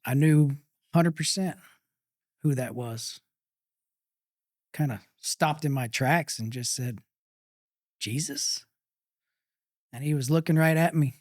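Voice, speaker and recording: A middle-aged man from Texas, a pit master guest, telling a personal story in an interview, halting and full of pauses and fillers. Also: fairly high pitch, darkish tone, dry recording, clean studio sound.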